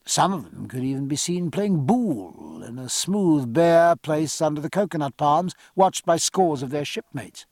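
A man narrating a historical sea novel in a measured, expressive audiobook reading. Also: a little high, creaky, no echo, studio quality.

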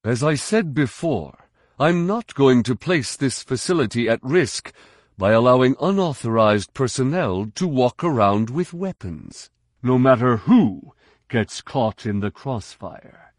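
A man voicing a sly, smooth-talking male security officer, amiable on the surface and quietly menacing. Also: medium pitch, very animated, measured pace, no room sound, studio quality, voice pushed up.

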